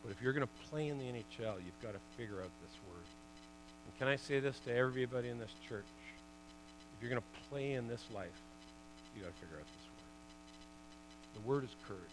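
Animated man preaching in church. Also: mid-range voice, noisy background. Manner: animated storyteller, loud bursts dropping to hushed. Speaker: guest preacher, former hockey player. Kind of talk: sermon testimony.

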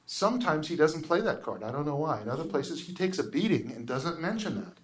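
A man with a fairly high voice teaches a casual Bible course. He tells the story in an animated way, acts out the quotes, and laughs often as he goes. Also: fairly quick, a little hiss or hum.

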